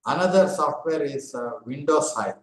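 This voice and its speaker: Older Indian man lecturing, echoey room. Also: fairly high pitch. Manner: steady explanatory delivery with frequent "uh" pauses and repetitions. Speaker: lecturer, former university librarian. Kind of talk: online lecture.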